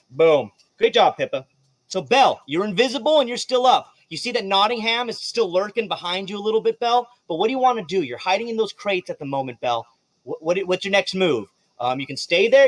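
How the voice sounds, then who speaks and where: A man's voice: high-pitched, big pitch swings, fairly quick, a bit bright, no echo. A man narrating as game master of a tabletop game, playful, laughing often and swearing casually.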